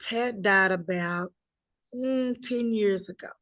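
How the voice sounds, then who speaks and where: A middle-aged woman telling her life story in an interview, emphatic and animated, acting out the voices of the people she quotes. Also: mid-range voice, slow, dry recording. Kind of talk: conversational interview.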